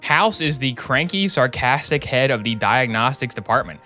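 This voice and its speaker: A man's voice: medium pitch, lively intonation, normal speed, bright, forceful tone, faint music behind. A man streaming a game, reading its text aloud with chatty, sarcastic commentary. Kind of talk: casual gameplay commentary.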